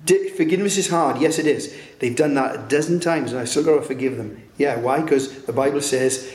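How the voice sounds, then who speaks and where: A man's voice: mid-range voice, fairly quick, few pauses, a little mellow, slight background noise. A man preaching a sermon in a conversational way, often turning points into rhetorical questions. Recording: roomy echo.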